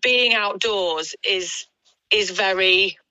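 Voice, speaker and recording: A woman's voice: medium pitch, slow, sharp tone, no room sound, poor audio. A woman being interviewed as an athlete, chatting casually and laughing often, speaking from her bedroom. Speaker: interview guest, endurance athlete.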